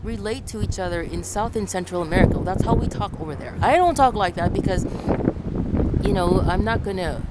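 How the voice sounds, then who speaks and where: A woman's voice: medium pitch, lively intonation, brisk. Woman from ecuador vlogging outside, earnest, repeats herself a lot, wind roaring on the mic. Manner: earnest, repeats herself while giving advice. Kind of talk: casual talk to camera. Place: outdoors on a windy day. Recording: loud wind noise buffeting the mic outdoors.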